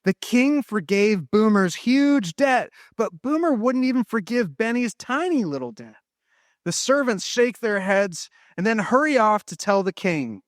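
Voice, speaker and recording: Playful high-voiced man leading kids. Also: no room sound, studio quality. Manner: playful, upbeat, directing children. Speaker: chapel speaker for elementary students. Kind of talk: interactive Bible story with kids acting it out. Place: school chapel with children.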